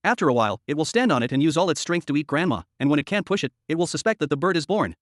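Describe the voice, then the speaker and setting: A man narrating a comic story recap in a steady, scripted storytelling read. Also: a little high, racing, no room sound, studio quality.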